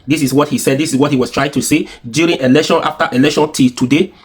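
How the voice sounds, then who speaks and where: A man's voice: a little high, steady tone, quick pace, breathy edge. A man with a Nigerian accent giving heated, insistent commentary full of rhetorical questions and repetition. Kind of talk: opinionated political commentary.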